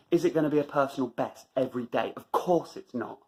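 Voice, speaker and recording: A man's voice: mid-range voice, fairly quick, hardly any pauses, a little mellow, low-quality recording. A man delivering an emphatic motivational monologue as a running vlogger, driving points home by repeating phrases.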